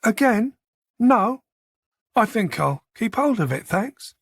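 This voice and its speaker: Man playing a sly taunting killer, slow drawl, bright and gravelly, dry audiobook sound. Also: high voice, big pitch swings, no echo, voice pushed up, full character voice. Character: soft-spoken menacing middle-aged male killer.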